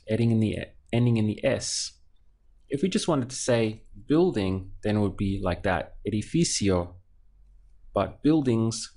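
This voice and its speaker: Male language teacher, lower pitch, patient and repetitive delivery. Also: darkish tone. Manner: patient, explains slowly and repeats words. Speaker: Spanish teacher. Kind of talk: language lesson narration.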